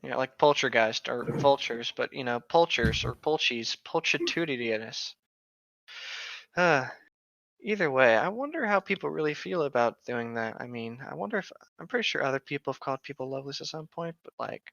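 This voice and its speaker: A man's voice: mid-range voice, animated, normal speed, gravelly, a bit bright, dry recording, dull audio. A man reading story posts aloud and rambling jokingly on a casual podcast. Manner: rambling, joking, laughs a lot. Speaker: co-host reading stories.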